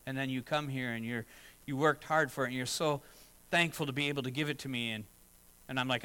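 A man's voice: mid-range voice, fast, sharp tone, smooth, poor audio. A middle-aged man preaching a sermon as pastor, earnest and conversational, with short acted asides.

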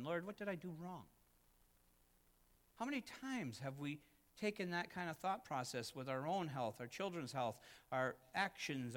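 A man preaches in a church, his fairly high voice carried by a long hall reverb. He swings between loud, emphatic peaks and hushed, intimate asides. This is full sermon delivery. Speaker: pastor.

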